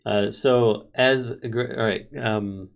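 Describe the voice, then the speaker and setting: A man's voice: fairly low pitch, fairly even intonation, takes it slowly, vocal fry. A man running a tabletop game as game master, describing scenes and laughing often as he narrates.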